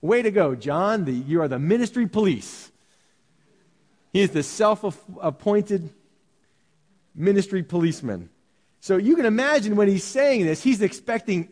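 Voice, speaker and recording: A male pastor preaches in a loose, conversational way, full of restarts, asides and humour. His voice sits a little high for a man, and a long reverb trails behind him in the hall. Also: moderate pace. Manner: conversational and animated, with restarts and jokes. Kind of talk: sermon.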